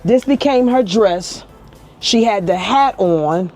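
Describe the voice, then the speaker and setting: A woman's voice: medium pitch, lively intonation, slow, a little mellow, recorded from a distance, soft background music. A woman with a mix of Brooklyn and Southern accent, chatting casually on camera at home while showing her fashion pieces. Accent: mixed Brooklyn and Southern. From New York. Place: home kitchen.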